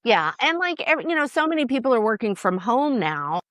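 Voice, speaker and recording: A woman's voice: on the high side, very animated, fairly quick, fairly bright tone, no echo. Easygoing woman co-host, dry sound. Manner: easygoing, laughs often. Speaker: podcast co-host, travel advisor. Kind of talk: casual podcast chat.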